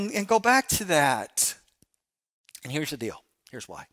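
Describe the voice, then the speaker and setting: A man's voice: high voice, sing-song, measured pace, long pauses, a bit bright. A middle-aged man, a pastor, preaching a sermon in a conversational way and often asking the congregation rhetorical questions. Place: church sanctuary.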